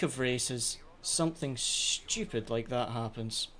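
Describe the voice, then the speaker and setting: A man's voice: medium pitch, measured pace, few pauses, fairly bright tone, slight background noise. A man streaming a racing sim live, ranting in frustration at his own races as he plays. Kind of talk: live gameplay commentary.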